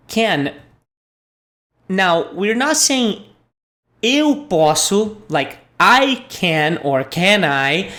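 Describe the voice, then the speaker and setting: A woman teaching a language lesson, patiently repeating phrases for learners. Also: on the low side. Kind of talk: slow spoken language lesson.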